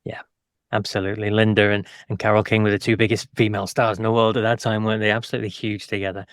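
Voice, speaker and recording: A man with a British accent interviewing a guest, moving briskly through leading questions. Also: lowish voice, little pitch movement, clean tone, no echo, studio quality.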